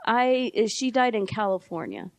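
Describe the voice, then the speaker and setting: A woman hosting a podcast, chatting casually and telling a lively story, acting out quoted voices and laughing often. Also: fairly high pitch, a little slow, gravelly, no room sound. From lives in New Mexico. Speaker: podcast host. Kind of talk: casual interview chat.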